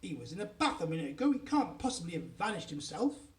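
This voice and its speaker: A man's voice: sits high, sing-song, fast, reverberant, distant mic. A man reading aloud, voicing a mother calling out in a panic for her missing child. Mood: panicked.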